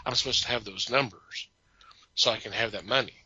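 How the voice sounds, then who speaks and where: A man rambles through an amused story as a podcast co-host, often restarting his sentences. His voice is very bright and sits close in a dry space. The audio sounds a little dull. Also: lowish voice, fairly quick, husky, no echo. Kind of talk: casual chat.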